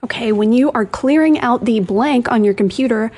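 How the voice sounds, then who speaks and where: Breathy, giggly woman co-host. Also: fairly high pitch, normal speed. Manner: animated, giggly. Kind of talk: casual chat.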